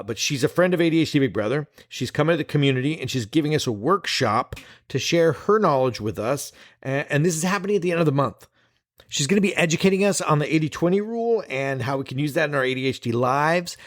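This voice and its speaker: A man's voice: medium pitch, dry recording, clean studio sound. A man hosting a casual solo podcast, talking in a playful, jokey, self-deprecating way. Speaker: podcast host.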